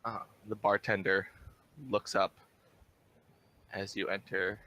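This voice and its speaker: A man narrating a tabletop game as game master, in an unhurried, descriptive way. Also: low-pitched, monotone, pushed and bright, a little hiss or hum, poor audio.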